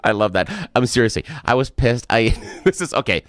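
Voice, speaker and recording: A man's voice: medium pitch, a little fast, a bit bright, no room sound, clean studio sound. A middle-aged man co-hosting a talk radio show, ranting in an emphatic, indignant way.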